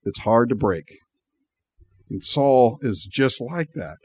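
A man preaching a sermon with a lively, animated delivery, his pitch rising and falling a lot. He talks to his listeners casually and acts out the people in the story. The sound is dry and a little dull. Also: slow, slightly rough, dry recording. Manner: animated and conversational, acting out voices with frequent laughs. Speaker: pastor.

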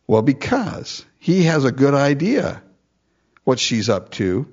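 Husky, lively male preacher. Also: mid-range voice, takes it slowly. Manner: animated storytelling, chuckling asides. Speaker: pastor. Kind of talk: sermon. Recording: dull lo-fi recording.

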